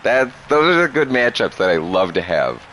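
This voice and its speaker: A rowdy young man in his twenties riffs through a video game match, swearing freely and breaking into laughter. His voice swings widely up and down and comes across bright and forceful, a little tipsy and rambling. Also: mid-range voice, sing-song, normal speed, slight background noise. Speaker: gaming streamer. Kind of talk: casual gameplay chat.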